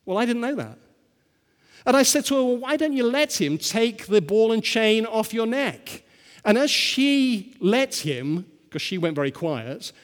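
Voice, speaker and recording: A male pastor preaching a sermon and telling stories, often asking the listeners rhetorical questions. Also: high-pitched. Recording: long hall reverb.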